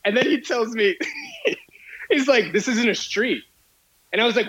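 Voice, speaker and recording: A man's voice: sits high, unhurried, slightly rough, rough recording. A man, a podcast guest, casually telling an exasperated story and acting out both sides of an argument. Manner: animated, exasperated retelling with quoted dialogue.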